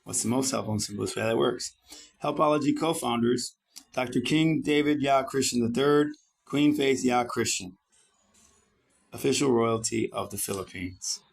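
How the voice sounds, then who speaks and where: A man's voice: medium pitch, vocal fry. A middle-aged man from Italy, talking in a brash, combative monologue full of swearing while he edits his page. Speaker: founder and vlogger. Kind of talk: profane self-promoting monologue while editing a page.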